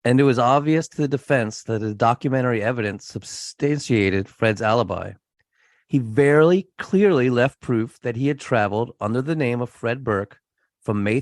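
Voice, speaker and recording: A man talks through a true crime case in a relaxed, chatty way, mid-pitched and at ease. His voice sits close and dry on the mic. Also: no room sound. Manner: casual, chatty, jokes with co-host. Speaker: podcast co-host. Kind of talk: casual true crime podcast chat.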